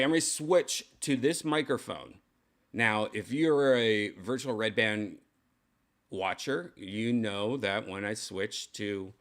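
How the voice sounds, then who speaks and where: Lively-pitched casual male streamer. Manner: loose, rambling, swears casually, talks to chat. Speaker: vlogger testing a VR headset mic. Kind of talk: casual livestream chat.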